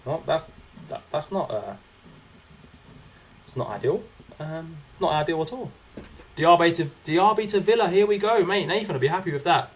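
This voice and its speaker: A man's voice: a little high, animated, moderate pace, pauses often. A young man, chatting casually while commentating his own game on a live stream and answering viewers. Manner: chatty, reacting to the game and reading chat aloud.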